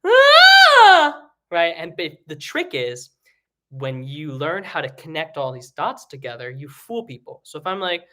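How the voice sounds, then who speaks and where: Bright-voiced male singing teacher, chatty. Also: animated, moderate pace. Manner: casual, rambling, many fillers and restarts; breaks into loud high sung demonstrations. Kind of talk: live online singing lesson.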